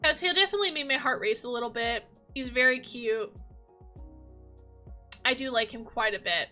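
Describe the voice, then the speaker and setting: A woman's voice: on the high side, moderate pace, bright, forceful tone, faint music behind. A woman chatting casually as a gaming vlogger, gushing and rambling with lots of fillers. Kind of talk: casual chat.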